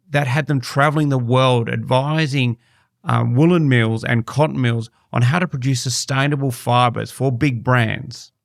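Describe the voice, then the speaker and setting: Gravelly Australian man hosting a podcast. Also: medium pitch, no echo, studio quality. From Western Australia. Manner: laid-back, matey, with fillers and restarts. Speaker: podcast host. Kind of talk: casual podcast interview.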